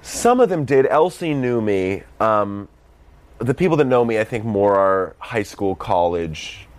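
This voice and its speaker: A young man with a very low voice and a light Boston accent talks in a loose, rambling way, full of "like"s. He is self-deprecating and casual as an interview guest. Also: lively intonation, measured pace. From Massachusetts, USA. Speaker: film director and comedian guest.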